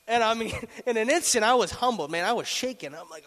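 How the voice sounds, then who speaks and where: A young man telling a personal testimony into a microphone, animated and laughing often as he acts out what people said. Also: sits high, brisk, big-room sound. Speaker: speaker giving a testimony. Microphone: handheld microphone.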